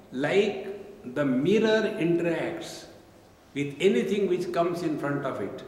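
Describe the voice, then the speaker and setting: A man's voice: a little high, darkish tone. A man giving a humorous spiritual discourse as a swami, often checking in with "See?". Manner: humorous, keeps asking "See?". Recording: echoey hall with long reverb.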